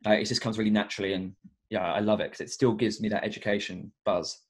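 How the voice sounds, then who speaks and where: Earnest young man with a low voice. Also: steady tone, fast talker. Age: young adult. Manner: earnest and reflective, with many fillers. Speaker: guest, education coach. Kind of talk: casual podcast interview.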